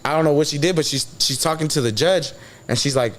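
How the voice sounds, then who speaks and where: A San Diego man with a fairly high voice and quick pace is the guest here, telling a story casually in an interview. His manner is slangy, he swears often, and he acts out quotes.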